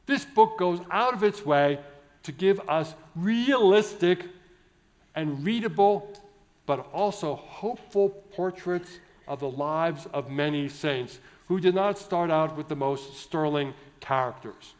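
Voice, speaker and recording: In a large indoor conference hall, an American Catholic priest gives a cheerful, digressive keynote full of asides and false starts. His voice is a little high and his pace is slow.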